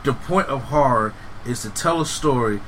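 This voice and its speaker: A man chatting casually about horror movies, animated and emphatic, swearing freely. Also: medium pitch, normal speed, slight background noise, rough recording.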